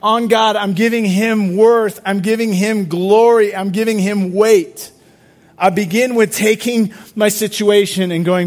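High-voiced pastor preaching conversationally. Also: male voice, steady tone, unhurried. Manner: conversational, asks the crowd questions, repeats words. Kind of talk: sermon.

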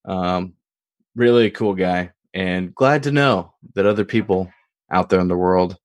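A man's voice: low-pitched, unhurried, no room sound. A man co-hosting a podcast, chatting and rambling through a story. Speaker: podcast co-host. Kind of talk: casual chat.

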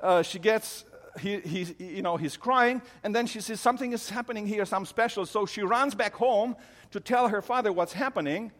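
A middle-aged man preaching, his voice sitting a little high for a man. He tells the story earnestly, often stumbling and restarting mid-phrase. His words ring out with a long reverb, as in a large hall. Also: normal speed, a bit bright. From Romania. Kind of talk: sermon on a Bible story.

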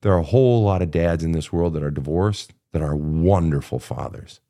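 Blunt, profane deep-voiced man. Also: fairly quick, warm tone. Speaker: therapist host. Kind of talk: emotional coaching session.

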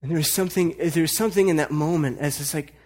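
A man's voice: fairly high pitch, quick pace, a little mellow. A man preaching a sermon in a conversational way, at times building to emphatic urging. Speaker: pastor.

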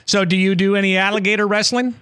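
A man hosting a radio talk show, upbeat and quick to chuckle as he introduces and interviews his guest. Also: sits high, steady tone, bright, forceful tone, smooth, no echo.

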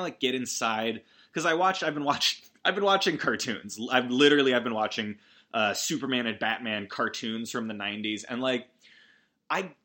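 A man's voice: mid-range voice, bright, forceful tone. A man hosting a casual solo podcast, rambling through a film recap with swearing and frequent false starts. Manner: rambling, swearing, many restarts. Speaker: podcast host.

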